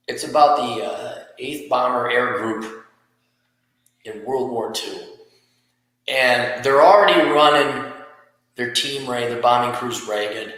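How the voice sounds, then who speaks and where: A man's voice: on the high side, sharp tone. A man hosting a podcast, giving blunt, profane career advice in a casual rant. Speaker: podcast host. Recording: echoey room with long reverb.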